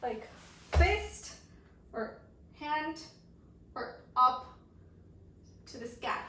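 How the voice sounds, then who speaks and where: A woman's voice: sits high, animated, very slow, sharp tone, a little hiss or hum. Echoey woman teaching dance, counting beats. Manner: encouraging, counting beats aloud, checking in with okay and yeah. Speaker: dance instructor. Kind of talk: dance class instruction with counting. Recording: echoey room, voice from far off the mic.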